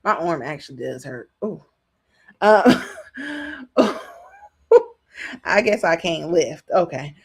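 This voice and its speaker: A woman talks through reality TV gossip in a casual, rambling way, full of ums and restarts. Her voice sits on the low side, and she takes her time. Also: lively intonation, a little slow, gravelly, slightly rough. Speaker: reality TV commentary host. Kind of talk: casual commentary monologue.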